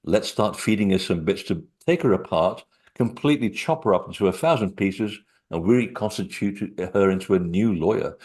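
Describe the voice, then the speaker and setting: Animated low-voiced man. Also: normal speed, husky. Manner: animated, laughing storyteller. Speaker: guest speaker, author on sacred sites. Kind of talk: storytelling in a webinar talk.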